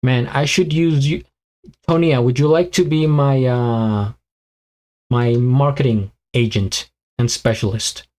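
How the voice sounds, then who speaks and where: Guy on a live reaction stream, rambly and chatty, lots of uh and like, voice getting a bit worn out, mid-pitched. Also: fairly even intonation, slow pace, a little mellow. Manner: rambling, thinks aloud with many fillers and restarts. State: voice tiring and weakening. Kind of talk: casual live commentary, chatting with viewers.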